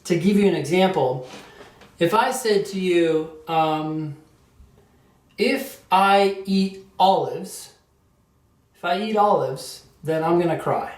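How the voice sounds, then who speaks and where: A man's voice: a little high, a little slow, darkish tone. Guy explaining logic questions, chatty lecture, mic kinda far off, echoey room. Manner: conversational, often checks in with "right?". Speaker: test prep teacher. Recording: roomy echo, distant mic.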